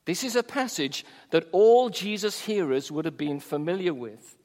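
A man's voice: high-pitched, lively intonation, moderate pace, a little mellow. A man preaching a sermon, emphatic, stressing key words and reading scripture aloud. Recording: long reverb of a large hall.

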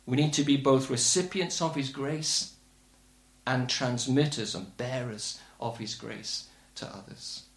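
An older man preaching a sermon with earnest, measured emphasis. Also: medium pitch, reverberant.

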